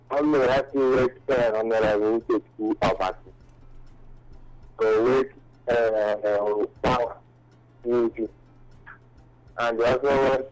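A Nigerian man calling a radio show, giving halting greetings to his family and pastor. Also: mid-range voice, a little mellow, no echo. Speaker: caller. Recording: phone call into radio show.

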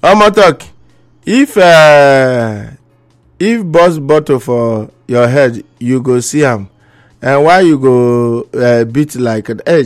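A Nigerian man with a Nigerian Pidgin accent, hosting a live-stream comedy show as a mock preacher, reading viewer comments and laughing often between lines. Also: mid-range voice.

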